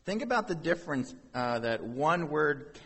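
A man's voice: on the high side, animated, moderate pace, a bit bright, husky, long reverb tail. A man preaching a sermon as pastor, talking to the congregation in a conversational way with rhetorical questions.

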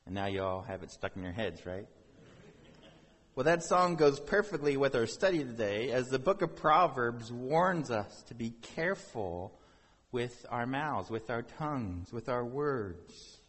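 Male pastor, unhurried sermon delivery, slightly husky, long hall reverb. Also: medium pitch, lively intonation, fairly bright tone. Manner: conversational preaching with rhetorical questions.

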